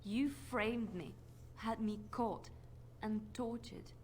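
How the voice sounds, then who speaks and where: An actress playing a wary former spy in a video game, speaking English with a French accent in a tense, accusing manner. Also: female voice, a little high, slow pace, darkish tone, slight background noise. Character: wary female bard and former spy, defiant.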